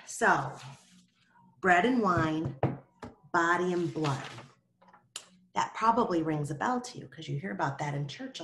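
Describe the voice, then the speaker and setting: A woman with a slightly low voice leads a Sunday school lesson. She tells a Bible story to children in a gentle, patient way, pausing often to ask them questions.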